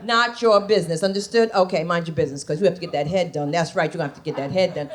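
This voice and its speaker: A woman doing her brash scolding mother, low and gruff. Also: fast, close to an everyday voice. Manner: scolding, snapping.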